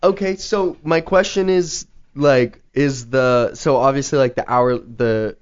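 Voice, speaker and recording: A man's voice: medium pitch, a little slow, clean tone. A man in casual conversation, rambling through questions and filling his talk with "like". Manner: rambling, heavy use of "like", questioning. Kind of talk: casual chat. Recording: slightly dull lo-fi recording.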